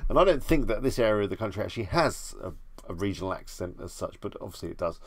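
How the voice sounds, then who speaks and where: A young Englishman with a Bedfordshire accent hosts a live stream from a room at home at night, chatting easily with viewers and answering their questions. His voice is lowish, very animated and fast, and the recording is dry.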